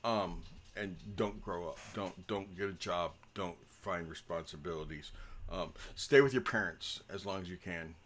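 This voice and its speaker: A man's voice: deep voice, a little slow, fairly bright tone. A man talking casually as dungeon master before a tabletop game, rambling and joking with lots of ums.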